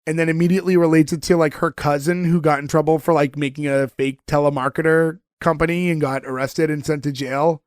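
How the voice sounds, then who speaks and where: Chatty man with a highish voice. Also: fairly even intonation, brisk, hardly any pauses, smooth, dry recording, clean studio sound. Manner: rambling, filler-heavy retelling with many "like"s. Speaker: podcast co-host. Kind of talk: casual chat recapping a TV episode.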